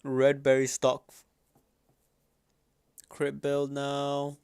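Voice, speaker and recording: A young man, a streamer chatting casually and reacting in loud, slangy outbursts. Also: mid-range voice, completely flat delivery, extremely slow, smooth, no echo, studio quality.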